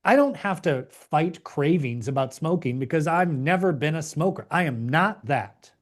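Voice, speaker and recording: Motivational guy teaching a class over a video call, emphatic and preachy, voice a bit on the high side. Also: expressive, moderate pace. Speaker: course instructor.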